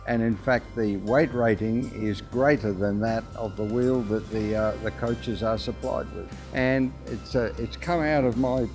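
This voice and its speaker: A man's voice: mid-range voice, a little slow, a little mellow, soft background music. An Australian man, a company founder, explaining a product in a casual way with frequent fillers and restarts. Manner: hesitant, many restarts and fillers.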